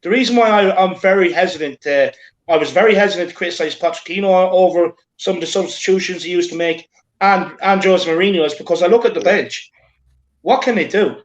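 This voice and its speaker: A man's voice: high-pitched, a little fast, roomy sound. A man hosting a casual livestream chat, upbeat and chatty, dropping slang. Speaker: host reading viewer messages.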